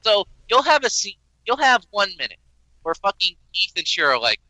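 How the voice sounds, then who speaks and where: A man's voice: high voice, very animated, brisk, sharp tone, dry recording, low-quality recording. Profane, exasperated man ranting. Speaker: podcast host. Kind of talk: casual ranting review.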